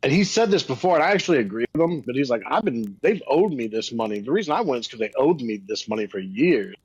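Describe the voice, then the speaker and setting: A man with a slightly husky voice tosses in offhand remarks on a comedy podcast. His lo-fi mic sounds a little dull, and the sound is dry, with no room echo. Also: medium pitch, very animated, fast talker, darkish tone. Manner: offhand, chatty, says dude and like. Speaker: podcast co-host. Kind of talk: casual comedy podcast chat.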